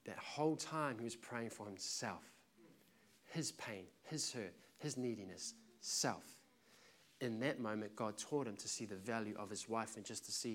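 A man's voice: on the low side, a little slow, a bit bright. A man preaching a sermon with passion and emphasis, telling a story to make his point.

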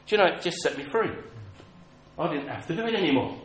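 A man preaches in a church hall, his voice a touch high and swinging widely as he talks. He tells stories in a chatty, self-mocking way. The room is echoey, with faint ambience behind him. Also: expressive, fast, fairly bright tone. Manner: conversational storytelling, self-mocking humor. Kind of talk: sermon.

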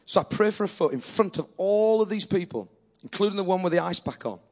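A man preaching with a notably high voice. He tells stories in a lively way, then rises into emphatic, exhorting sermon delivery. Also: a little fast. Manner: animated, builds to forceful preaching. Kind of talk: sermon with storytelling.

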